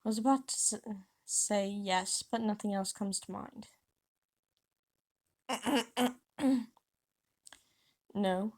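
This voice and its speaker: A woman's voice: medium pitch, little pitch movement, normal speed, darkish tone. Woman casually reading her story aloud. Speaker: author reading her fanfiction.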